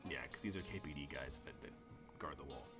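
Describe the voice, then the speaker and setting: A man's voice: a bass voice, animated, quick pace, gravelly, over loud music. A man narrating as game master, rambling and laughing often, thinking aloud as he goes.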